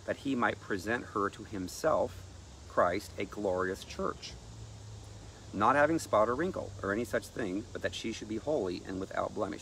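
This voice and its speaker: A man preaching with a fairly low voice, pressing each point hard and reading scripture aloud. Faint noise sits behind his voice. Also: vocal fry, a bit bright. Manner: emphatic, reads scripture aloud. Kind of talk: sermon-style teaching.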